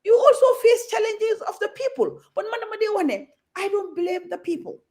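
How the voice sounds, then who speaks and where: A woman's voice: very high voice, animated, fairly quick, darkish tone. A Gambian woman talking as a guest on a talk show, outspoken and passionate, moving freely between Wolof and English.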